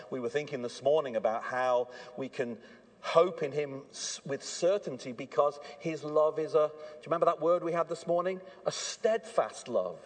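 Earnest preacher guy, kinda high voice, goes from whispery warnings to all fired up. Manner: earnest, swings from hushed to fervent. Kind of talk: sermon. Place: church evening service.

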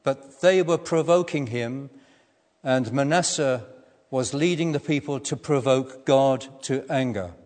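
An older man preaching a sermon, telling a personal story in a measured way with gentle humour. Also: medium pitch. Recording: echoey hall.

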